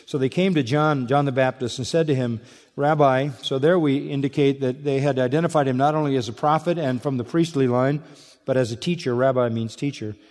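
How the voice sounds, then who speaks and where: A man's voice: medium pitch, a little fast, a little mellow. A man preaching an expository sermon, emphatic and repetitive, firing off rhetorical questions to his listeners. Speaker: pastor. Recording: long hall reverb.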